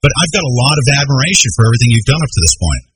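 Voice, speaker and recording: A man's voice: mid-range voice, sing-song, racing, fairly bright tone, a little hiss or hum, rough recording. A man hosting a talk radio show, interviewing a guest, often repeating words as he talks and giving out the call-in number.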